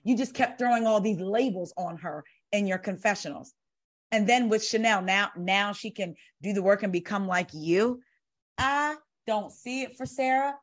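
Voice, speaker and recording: A woman's voice: mid-range voice, normal speed. A woman, chatting casually about reality TV as a podcast co-host, sassy and blunt with her opinions. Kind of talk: casual reality-TV recap chat. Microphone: video call.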